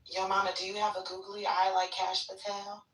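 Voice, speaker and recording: A woman's voice: medium pitch, completely flat delivery, moderate pace, a bit bright, reverberant, far from the mic, poor audio. A woman chatting casually in an online audio room, teasing and wry. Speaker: chat room speaker. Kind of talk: casual chat.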